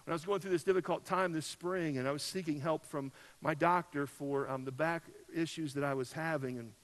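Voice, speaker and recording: A man preaching a sermon, telling a personal story in a conversational way, with loud peaks and soft drops. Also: a little high, fairly even intonation, a little fast, poor audio. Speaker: pastor.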